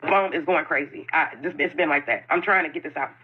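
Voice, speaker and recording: A food truck owner records an emotional video statement of her own, impassioned and defensive, repeating herself often. Her voice is deep, husky and brisk, captured in dull lo-fi phone audio.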